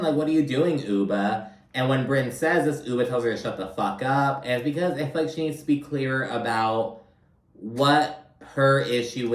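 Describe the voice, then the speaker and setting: A man's voice: medium pitch, recorded from a distance. A man chats through a reality TV recap in a loose, profane, filler-heavy way. He sits a little back from the mic, and the room rings around his voice. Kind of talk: casual recap commentary. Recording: roomy, from off-mic.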